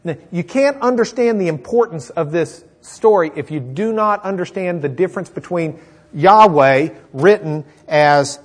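A man's voice: fairly high pitch, measured pace. A man preaching a conversational sermon, retelling a Bible story and acting out its characters. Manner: animated storyteller, acts out characters; conversational with fillers.

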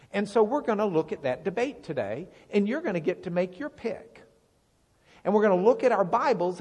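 A man giving Bible teaching to a congregation, explaining with lively questions to the room. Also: on the high side, slightly rough. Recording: long reverb of a large hall.

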